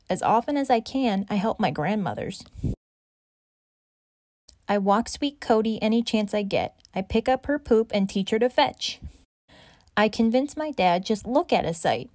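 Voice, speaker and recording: A woman reading aloud children's stories in a bright, expressive, rhythmic way. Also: mid-range voice, no echo, studio quality. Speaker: children's story reader. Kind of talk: read-aloud storytelling.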